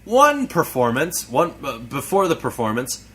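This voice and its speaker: A young man co-hosting a casual podcast, telling a story in a halting, rambling way. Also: medium pitch, wildly swooping pitch, a bit bright. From United States. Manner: rambling, halting, restarts a lot. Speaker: podcast co-host. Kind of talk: casual chat.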